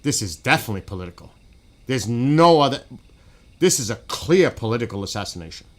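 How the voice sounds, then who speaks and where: A man's voice: medium pitch, sing-song, a little fast. A man on a gaming stream in casual chat. He talks bluntly and swears a lot, rambles and restarts his sentences, and often drifts away from the mic.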